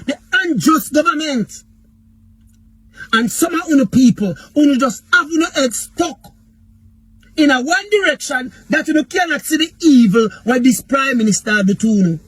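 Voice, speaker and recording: A man's voice: very high voice, a bit bright, dry recording. A man with a Jamaican accent giving an impassioned political rant, preachy and repeatedly calling out to his listeners. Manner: preachy, keeps addressing his listeners directly. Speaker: political commentator.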